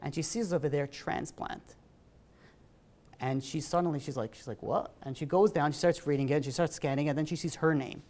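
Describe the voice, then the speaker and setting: A man giving a sermon as a rabbi, telling a story in a lively way with many fillers. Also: fairly high pitch, a little fast. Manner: animated, acts out dialogue, many fillers.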